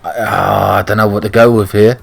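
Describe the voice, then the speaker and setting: A man's voice: lowish voice, little pitch movement, a little fast, creaky, faint music behind. A British man casually commenting on a game playthrough, blunt and chatty, swearing freely. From Britain. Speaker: gaming channel host.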